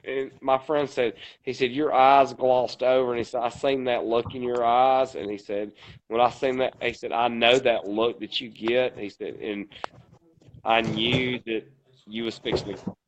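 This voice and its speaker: A man's voice: mid-range voice, a little hiss or hum. A man co-hosting a podcast, telling a long story at a rambling pace and swearing often. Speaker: podcast co-host. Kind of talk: casual podcast chat. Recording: dull lo-fi podcast audio.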